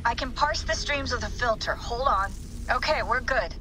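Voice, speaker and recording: An actress playing a calm female tech operator in a video game, explaining a problem in brisk, matter-of-fact terms. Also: fairly high pitch, a little hiss or hum, poor audio.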